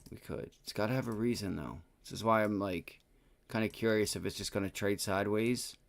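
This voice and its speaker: This man hosts a live day trading stream, thinking out loud over charts while nursing an aching back. His fairly low voice carries vocal fry and moves a little fast, and when trades go wrong he breaks into profane, frustrated outbursts.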